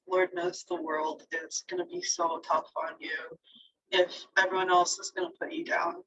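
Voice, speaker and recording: Young woman, bright voice, gets teary and laughs while giving heartfelt advice. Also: fairly low pitch, animated, unhurried, vocal fry, distant mic, a little hiss or hum, low-quality recording. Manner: emotional, teary, laughing through tears. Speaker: interviewee. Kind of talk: casual interview.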